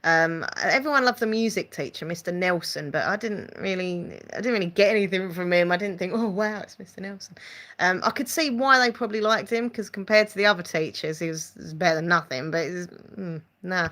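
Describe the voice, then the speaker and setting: Bright, chatty Essex woman. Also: on the low side, a little fast, hardly any pauses. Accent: Essex English. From England. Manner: chatty and rambling, reads out viewer comments. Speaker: live-stream host. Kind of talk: casual live-stream chat.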